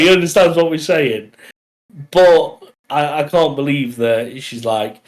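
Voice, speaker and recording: A man's voice: a little high, unhurried, rough recording. Chatty man podcast co-host. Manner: jokey, laughs often between lines. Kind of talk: casual podcast chat.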